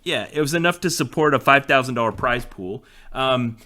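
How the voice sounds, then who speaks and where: A man's voice: medium pitch, fairly quick, pushed and bright. A man in his forties, co-hosting a podcast in casual chat and explaining things in a storytelling way. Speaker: podcast co-host.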